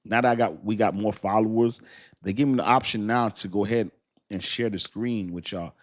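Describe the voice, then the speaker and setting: A man's voice: lowish voice, fairly quick. A man hosting a casual crypto livestream, talking straight to his viewers in a rambling, slangy way, laughing often and poking fun at himself. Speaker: crypto channel host.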